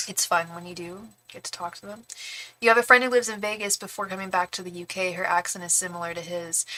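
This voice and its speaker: A woman's voice: on the low side, sharp tone. A young woman hosting a live-stream, chatting casually and rambling with many restarts. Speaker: tarot reader livestream host.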